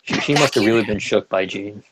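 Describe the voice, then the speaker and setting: A man chatting casually on a podcast, relaxed and agreeable, often giving short replies. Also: on the low side, a little fast, background noise.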